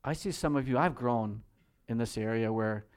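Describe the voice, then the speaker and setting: A man preaching a sermon as pastor in a church, swinging between loud pleading and hushed prayer. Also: medium pitch, moderate pace, smooth.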